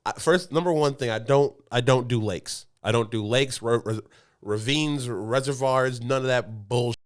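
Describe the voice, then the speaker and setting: A man's voice: medium pitch, normal speed. A man, co-hosting a podcast and telling a rambling story with frequent laughs. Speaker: podcast co-host. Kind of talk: casual chat. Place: podcast studio.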